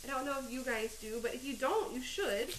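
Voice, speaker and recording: A woman's voice: high-pitched, expressive, fairly quick, reverberant, background noise. A woman hosting a live home cooking stream, chatting and rambling as she chops, teary-eyed from onions. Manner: chatty and rambling, laughing at herself. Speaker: cooking show host. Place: home kitchen.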